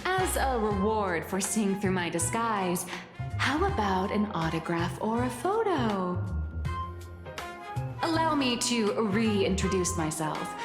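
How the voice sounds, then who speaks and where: In a video game cutscene, a woman plays a smug, theatrical magazine founder serving as editor-in-chief. Her medium-pitched voice swings widely in pitch at a slow pace, with roomy reverb and game music in the recording.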